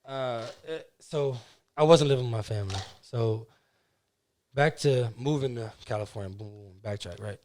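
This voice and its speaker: A young man from New Jersey with a New Jersey accent, telling his life story as a podcast guest in an animated, slangy way, full of "like" and "you know what I mean". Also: mid-range voice, moderate pace, a little hiss or hum. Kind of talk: casual storytelling.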